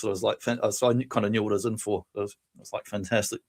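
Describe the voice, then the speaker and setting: A man's voice: fairly low pitch, rapid-fire, few pauses. A man, co-hosting a casual podcast, retelling comedy scenes with laughs and acted-out quotes. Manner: animated storytelling, laughs often, acts out quotes. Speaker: podcast co-host. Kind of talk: casual chat.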